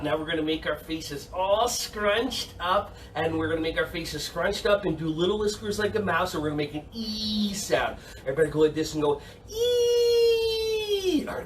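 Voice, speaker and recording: A man leading a kids' yoga and karate class, cheerful and encouraging, repeating his praise and sometimes bursting into shouts. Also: on the high side, far from the mic, a little hiss or hum. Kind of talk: upbeat kids' class instruction. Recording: echoey room, voice off-mic.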